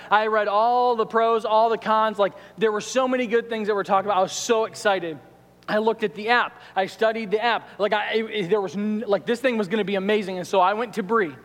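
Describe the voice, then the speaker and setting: Male pastor, high-pitched and animated storyteller, long reverb from the sanctuary. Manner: animated storytelling with quoted asides. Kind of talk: sermon. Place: church sanctuary.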